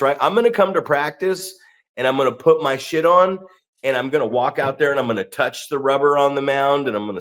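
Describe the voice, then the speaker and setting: A man co-hosting a podcast, ranting profanely with animated mocking asides. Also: mid-range voice. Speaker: podcast co-host. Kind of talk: casual podcast rant.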